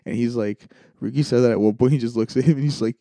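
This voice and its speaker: A young man tells funny stories in a loose, casual chat and acts out the people in them. His tone is warm and mellow. The sound is dry, with no room echo. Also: mid-range voice, quick pace. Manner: animated anecdotes, acting out quoted voices.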